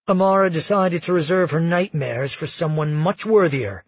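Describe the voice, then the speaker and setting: Male audiobook narrator, husky, measured, dry dull recording. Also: a little high, dry recording. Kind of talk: scripted narration.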